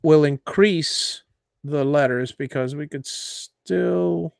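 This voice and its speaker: A man hosts a live tutorial, his voice sitting a little high and moving at a slow, deliberate pace. He thinks aloud as he clicks through the software, dropping fillers and correcting himself. The sound is dry and close, with no room around it. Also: vocal fry, clear, resonant tone, no room sound. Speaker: host of a CNC woodworking show.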